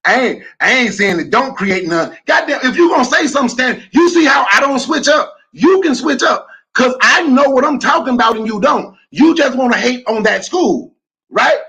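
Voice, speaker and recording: A man argues hard on a podcast livestream. His voice sits very high, husky and bright. He shouts and repeats his points. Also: expressive, normal speed, poor audio. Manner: loud, combative, repeats himself. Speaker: podcast co-host. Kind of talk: heated livestream debate.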